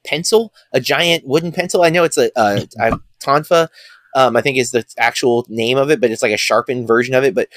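A man's voice: mid-range voice, a bit bright, dry recording, clean studio sound. A man co-hosting a casual film review podcast, rambling and thinking aloud as he goes. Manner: rambling, many fillers and restarts.

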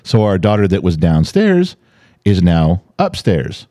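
A middle-aged man telling a family story in a casual, profane way, jumping into high voices when he quotes people. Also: big pitch swings, unhurried, dark tone, dry recording, clean studio sound. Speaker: podcast co-host telling a story.

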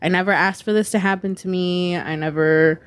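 A woman's voice: on the low side, steady tone, normal speed, smooth. A woman in her twenties, a podcast guest telling a personal story in a candid, casual way, swearing freely and filling her talk with "like" and "you know". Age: 20s.

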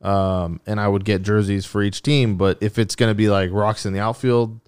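A man's voice: on the low side, little pitch movement, normal speed, darkish tone, clear, resonant tone. A man hosting a casual podcast, rambling and joking with lots of swearing. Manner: profane, rambling, jokey. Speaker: podcast host.

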